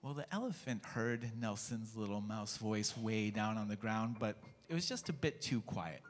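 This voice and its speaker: A man leading worship, telling a story to a congregation in an expressive, animated way. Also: lowish voice, normal speed. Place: church sanctuary. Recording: echoey church hall, faint music.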